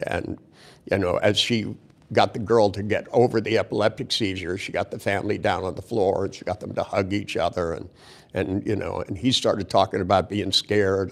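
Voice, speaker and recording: An older man with a low, gravelly voice tells a long story in a loose, rambling way. He is blunt and profane and drops crude jokes between restarts and asides. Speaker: speaker telling a story. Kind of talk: casual anecdotal storytelling.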